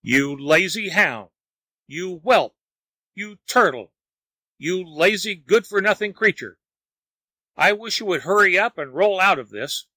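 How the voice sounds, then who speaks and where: A teasing neighbor in a folk tale, quick to laugh and mock, as a male reader plays him. The voice sits a bit high and bright. Dry, close recording. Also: lively intonation, no echo, full character voice. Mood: scolding. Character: amused, mocking neighbor man.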